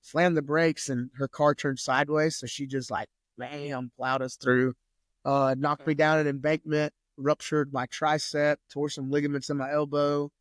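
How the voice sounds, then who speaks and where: Guy, 30s, relaxed profane storyteller, slightly high voice, dry close mic. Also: moderate pace, dry recording. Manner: loose, profane, lots of "like". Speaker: podcast guest. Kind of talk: casual storytelling.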